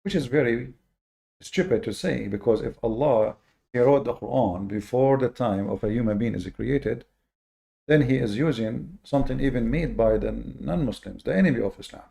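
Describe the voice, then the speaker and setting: A man hosting a lecture-style monologue with a gravelly edge to his voice. His tone is mellow and dark, and he leans hard on key words with slow, deliberate emphasis, stumbling through fillers and repeated words. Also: mid-range voice. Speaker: host.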